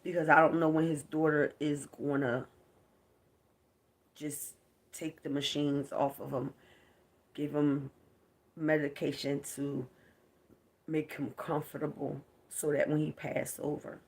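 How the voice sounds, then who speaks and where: A woman's voice: low voice, level tone, slow, long pauses. A young woman with a Baltimore accent, speaking to her viewers on a live stream in a grieving, confiding way. Her voice often drops to a whisper, and she is recorded close on a phone.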